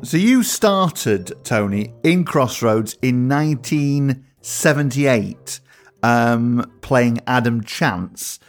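A male interviewer asking questions slowly, with pauses. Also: mid-range voice, animated, faint music behind. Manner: slow, halting questions.

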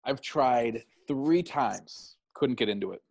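A man's voice: medium pitch, animated, slow, creaky, husky, no room sound. A man with a Chicago accent co-hosting a casual podcast, delivering dry, understated jokes. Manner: dry, wry and understated humor. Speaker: podcast co-host. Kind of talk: casual chat.

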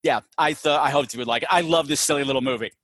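A man hosting a casual movie review chat, animated, jokey and profane. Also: medium pitch, very fast, no room sound. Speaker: podcast host.

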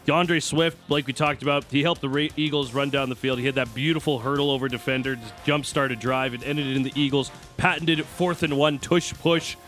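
Brief: male sports radio host, mid pitch, brisk recap delivery, faint music bed. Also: fairly even intonation, a bit bright. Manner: brisk game recap, reads scores and plays. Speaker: sports radio co-host giving the morning report.

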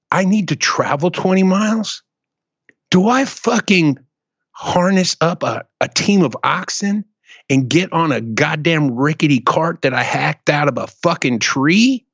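A man with a slightly high voice chats and rants, his pitch swinging widely as he tells a swearing story. The sound is dry and a bit dull. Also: dry recording. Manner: animated, profane storytelling rant. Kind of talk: casual chat.

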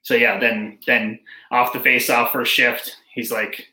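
Young male hockey player guest, blunt and animated, bright voice in an echoey room. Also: medium pitch, a little slow. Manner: blunt, animated storytelling with swearing. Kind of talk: casual interview chat.

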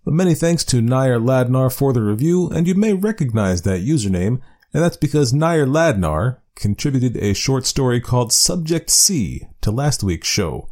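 A man hosting a short-story podcast, talking through his intro in a chatty, animated way. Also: mid-range voice, normal speed. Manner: lively, animated delivery. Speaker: podcast host. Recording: faint music behind.

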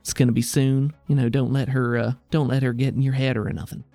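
A man's voice: medium pitch, little pitch movement, fairly quick, vocal fry, warm tone, dry recording, soft background music, lightly acted. A man voicing a fawning male sidekick who coaxes his boss to eat. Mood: coaxing. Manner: soothing, coaxing.

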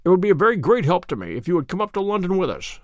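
A man reading an audiobook, voicing a calm, authoritative detective with a measured manner. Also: high voice, no room sound, clean studio sound. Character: sharp, commanding male detective, calm and cryptic.

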